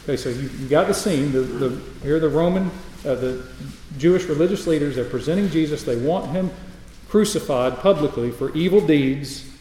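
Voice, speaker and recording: A man's voice: on the high side, moderate pace, mellow, heavy reverb, big-room sound, a little hiss or hum, rough recording. A man preaching a sermon, reading scripture aloud and building his points through repeated emphatic phrases. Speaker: pastor.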